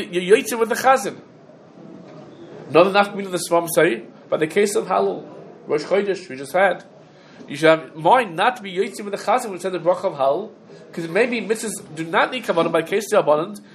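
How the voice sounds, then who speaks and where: A man's voice: high-pitched, slight background noise. A man teaching a halacha class, going through rulings step by step, quoting sources and asking questions. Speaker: Torah teacher.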